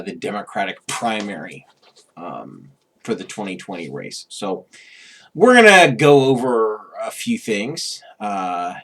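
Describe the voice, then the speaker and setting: A man in the middle of a political rant, swearing freely and pausing on many "uh" and "um" fillers. His voice is somewhat low. He sounds agitated and blunt. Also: fairly bright tone. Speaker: vlogger.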